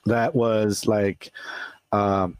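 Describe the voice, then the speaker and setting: A man talking as a guest in a casual podcast chat, halting and full of fillers and restarts. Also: on the low side, flat delivery, clear, resonant tone.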